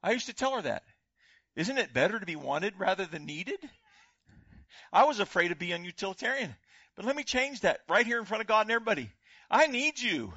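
Older male pastor, impassioned sermon, bright tense voice, dry dull sound. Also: high voice, very animated, a little fast, dry recording. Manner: impassioned, swings from loud exclamations to hushed prayer.

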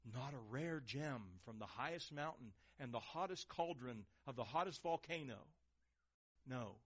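A man preaching a sermon, swinging between loud emphasis and hushed, quiet lines. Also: medium pitch, lively intonation, a little slow, husky. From Texas, USA. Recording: dull lo-fi recording.

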